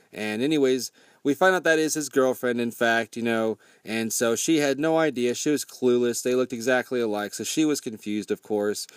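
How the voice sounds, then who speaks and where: A man's voice: mid-range voice, moderate pace, smooth, dry recording, clean studio sound. A man casually recapping a movie plot in a rambling, profane, laid-back way.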